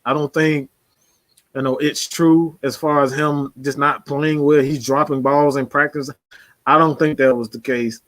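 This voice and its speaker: A man's voice: on the high side, steady tone, measured pace, fairly bright tone, no echo. A man giving casual, slangy football commentary, talking loosely with frequent laughs. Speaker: sports commentator. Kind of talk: casual sports talk.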